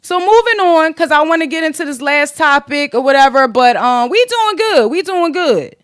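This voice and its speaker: Sassy high-voiced woman podcast host. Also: normal speed, dry recording, studio quality. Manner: sassy, profane, animated gossip. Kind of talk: casual commentary podcast.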